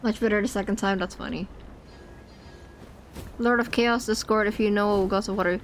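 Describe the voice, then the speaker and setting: A woman's voice: mid-range voice, steady tone, moderate pace, slight background noise. A woman live-streaming a game, chatting to her viewers in a rambling, chatty way and squealing when startled. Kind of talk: casual live-stream chat. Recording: game music behind the voice.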